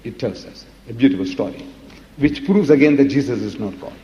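A man's voice: medium pitch, brisk, mellow. A man giving a religious lecture in an emphatic, dramatic way, full of rhetorical questions. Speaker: preacher. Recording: dull lo-fi recording in a reverberant hall.

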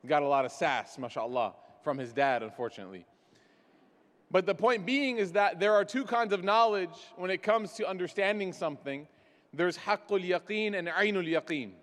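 At a religious gathering, a man with a notably high voice preaches at a moderate pace, weaving in personal stories and self-deprecating jokes. A long, lingering reverb from the large hall follows his words.

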